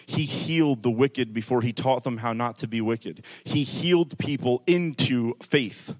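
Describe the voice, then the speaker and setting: Man preaching a sermon to a congregation. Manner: builds from calm teaching to loud, high-pitched preaching; conversational asides to the congregation. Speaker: pastor.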